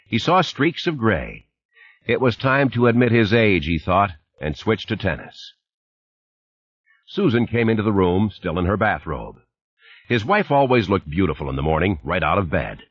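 A man narrating an audiobook in a lively, expressive reading. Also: low voice, breathy edge, no echo, lo-fi sound. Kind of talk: scripted narration.

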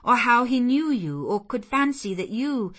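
A woman's voice: fairly high pitch, big pitch swings, a little slow, a bit bright, pitched above the performer's own voice, full character voice. A woman voicing a determined, passionate young woman who speaks in an insistent, fervent way.

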